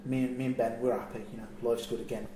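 A man's voice: mid-range voice, quick pace. Man telling a road story, echoey. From England. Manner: animated storyteller, acts out quotes. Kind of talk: casual anecdote. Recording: echoey room, faint ambient noise.

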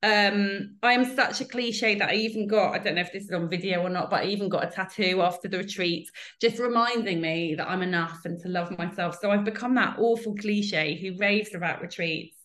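A woman's voice: mid-range voice, brisk, few pauses, fairly bright tone. A woman in her thirties from the UK, chatting candidly as a podcast guest, self-deprecating and laughing often. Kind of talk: casual chat.

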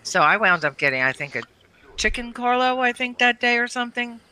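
Bright animated woman telling a story. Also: a little high, a little fast, clear, resonant tone, poor audio. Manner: animated, laughs often. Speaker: guest storyteller, mother. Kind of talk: casual storytelling.

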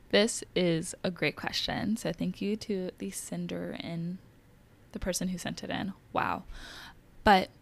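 A woman's voice: medium pitch, gravelly. A young adult woman hosting a wellness show, giving candid, emphatic and encouraging advice straight to her listeners. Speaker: wellness podcast host. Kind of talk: casual advice talk.

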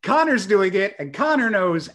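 A young man telling a story in a casual chat, animated and self-mocking. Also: sits high, moderate pace.

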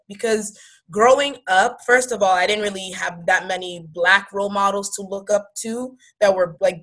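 A woman's voice: mid-range voice, bright, forceful tone, rough recording. Woman chatting candidly, midrange voice, lots of likes and you knows. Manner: candid, conversational, many fillers. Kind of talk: casual discussion.

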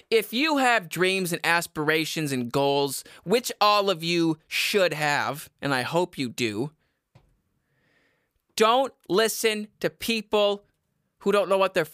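Male comedy podcast host, loud, profane, sarcastic ranter; bright edgy voice, dead-dry recording. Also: clean tone, no room sound. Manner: loud, high-energy, shouty and profane; sarcastic, self-mocking. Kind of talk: ranting comedy podcast monologue.

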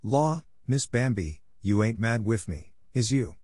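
A man's voice: on the low side, lively intonation, a little slow, a little mellow, no echo, clean studio sound. A man reading the part of an older woman housekeeper who speaks in a drawling, folksy dialect. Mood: fussing. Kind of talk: audiobook character reading.

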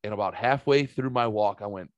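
A man in his forties, a podcast host telling casual stories in an animated way, swearing freely and jumping higher when excited. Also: fairly quick, no room sound, dull audio. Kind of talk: casual storytelling chat.

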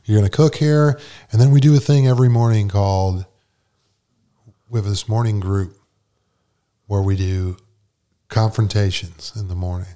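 A middle-aged man from New York speaks as a guest, spinning a personal story in easygoing, slangy talk. His voice sits a little low. He keeps slipping into the voices of the people he quotes. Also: normal speed, long pauses, warm tone. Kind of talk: casual storytelling.

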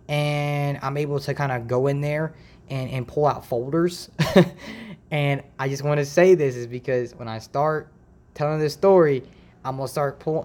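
Chatty man from Ohio hosting a podcast. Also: fairly high pitch. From Ohio, USA. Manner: rambling, chatty, relaxed slang. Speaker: podcast host. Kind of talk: casual faith podcast monologue. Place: makeshift home setup. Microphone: home podcast mic.

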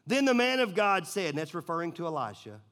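A man's voice: a little high, sing-song, quick pace, a bit bright. A man preaching a sermon in a casual, conversational way, telling stories with lots of filler words. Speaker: pastor.

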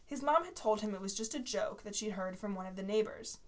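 A woman's voice: medium pitch, lively intonation, fairly quick. Giggly woman reading a story aloud. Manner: giggly, reads with asides and corrections.

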